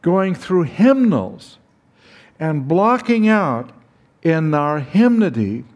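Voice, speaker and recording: An older man slowly telling a personal story, acting out the dialogue with dramatic pauses. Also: on the high side, sing-song, lo-fi sound. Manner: slow, dramatic retelling with acted dialogue. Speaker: speaker recounting his teaching past.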